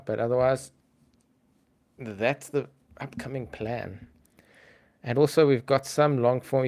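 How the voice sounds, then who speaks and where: A man with a fairly low voice chats casually with his livestream audience. He sounds relaxed and easygoing, often pausing on an um while he thinks. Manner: relaxed, chatty, frequent ums. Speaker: livestream host.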